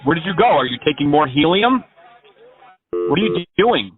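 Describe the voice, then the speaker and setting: A man placing a prank call, his voice set a little high for a man. He rambles through absurd schemes in a mocking tone. The audio comes through a thin, phone-like band. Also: very animated, moderate pace, faint music behind. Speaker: scam-baiting prank caller.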